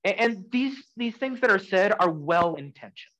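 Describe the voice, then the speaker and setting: A man preaching a sermon in an earnest, conversational way, swinging from loud emphasis to soft, quiet lines. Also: high voice, expressive, moderate pace, low-quality recording. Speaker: pastor.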